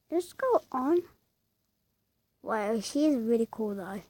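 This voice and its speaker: A woman's voice: a little high, animated, slow pace, pauses often, dark tone, husky. A woman chatting over her own gameplay, sing-song and rambling, often dropping to whispered asides. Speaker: gamer narrating her play. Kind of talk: casual gameplay commentary.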